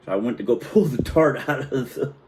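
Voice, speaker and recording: A man's voice: medium pitch, brisk, noisy background. A middle-aged man casually telling a rambling, profane childhood story, acting out the quotes. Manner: rambling, profane, animated retelling with acted-out quotes.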